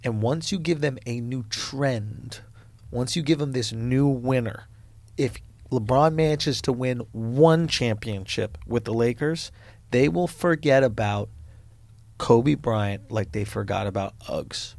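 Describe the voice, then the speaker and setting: A man hosting a podcast in casual chat, emphatic and swearing freely, speaking in quick bursts. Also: medium pitch, darkish tone, dry recording. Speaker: podcast host.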